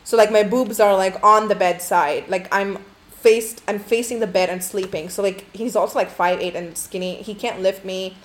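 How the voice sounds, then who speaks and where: A woman's voice: medium pitch, fairly even intonation, moderate pace, a little hiss or hum. A young adult woman telling a story to camera in a casual storytime style, swearing a lot and saying "like" constantly. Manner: profane, rambling, heavy use of "like".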